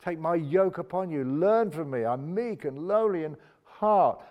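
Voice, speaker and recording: A man's voice: a little high, lively intonation, normal speed, few pauses, lo-fi sound. A man preaching a sermon in a conversational way, reading scripture aloud and restarting phrases for emphasis.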